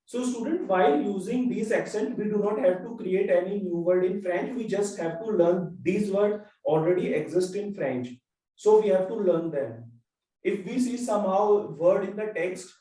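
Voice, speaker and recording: Guy teaching french, slow repetitive explaining, loud room echo. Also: high voice. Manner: slow, repetitive explaining with drawn-out example words. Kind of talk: classroom lesson. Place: classroom. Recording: echoey classroom, far from mic.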